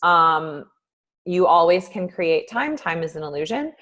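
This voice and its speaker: At a measured pace and with an expressive delivery, a woman life coach gives a laid-back motivational talk on a live stream. She plays out inner voices with wide shifts in pitch and volume, and her speech is heavy with ums.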